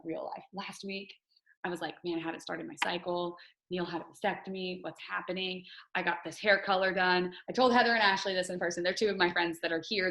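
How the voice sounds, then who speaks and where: A woman's voice: on the low side, creaky, fairly bright tone, echoey room, poor audio. A woman coach hosting a casual team video call, chatty and candid, often laughing as she talks.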